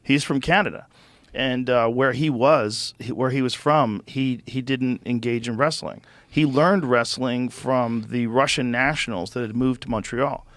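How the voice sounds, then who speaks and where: Pria pembawa acara podcast yang mengobrol santai dan bersemangat, sering mengumpat saat menjelaskan sesuatu. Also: male voice, mid-range voice, a little slow, no echo. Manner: animated, swears freely, explains with enthusiasm. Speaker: podcast host. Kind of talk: casual studio chat. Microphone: studio microphone.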